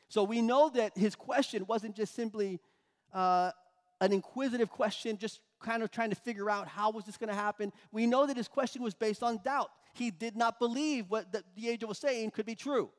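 A man's voice: sits high, brisk. A man preaching a sermon, explaining scripture in an emphatic way with frequent restarts. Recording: long hall reverb.

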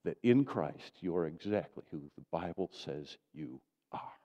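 A man preaching a sermon as pastor, swinging from loud declarations to soft, low asides. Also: animated, measured pace. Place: church sanctuary.

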